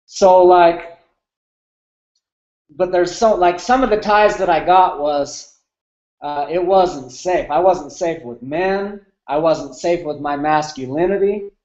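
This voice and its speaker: A man's voice: on the high side, takes it slowly, darkish tone, reverberant, highs cut off. Candid man telling a personal story. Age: 30s. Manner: candid, emotional storytelling with fillers. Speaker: guest.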